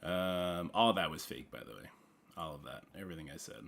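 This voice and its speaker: A man hosting a casual gaming livestream, rambling playfully with sudden loud bursts and mumbled asides. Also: sits low, expressive, a little fast, vocal fry.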